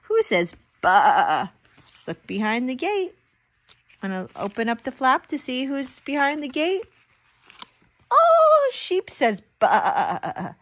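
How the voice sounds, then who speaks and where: A mother reads a picture book aloud to her toddler, animated and sing-song, with gasps, exclamations and animal sounds. Her voice sits high and moves a little slowly.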